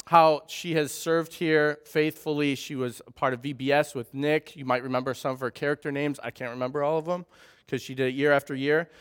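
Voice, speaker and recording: A man in his thirties with a light Wisconsin accent tells stories to a church congregation in a chatty, joking way. His voice is smooth and clear and sits a little high for a man. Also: a bit bright. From southern Wisconsin. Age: 30s. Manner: friendly, humorous, chatty storytelling. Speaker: guest speaker at a church. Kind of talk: church talk with personal stories. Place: church sanctuary.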